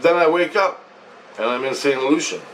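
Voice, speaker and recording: A man's voice: on the high side, expressive, moderate pace, a bit bright, recorded from a distance, slight background noise, rough recording. A man telling a long dream story in a meandering, profane way, repeating himself as he goes. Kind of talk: rambling first-person dream account.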